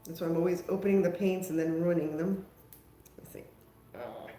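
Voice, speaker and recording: This crafting livestream host talks to her viewers as she paints, chatty and self-mocking. She has a fairly low, mellow voice with lively intonation and a moderate pace; the sound is roomy, with slight background noise.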